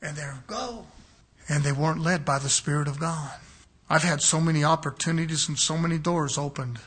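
Male preacher, high bright tone, quiet teaching swelling into shouted exhortation. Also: brisk. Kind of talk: sermon.

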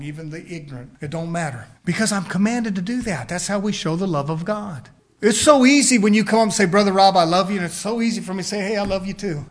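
A man with a high voice preaches with fervor. He bursts into loud shouts, then sinks into quiet, low lines. This is a pastor's sermon. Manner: swings between loud calls and low, dropped voice.

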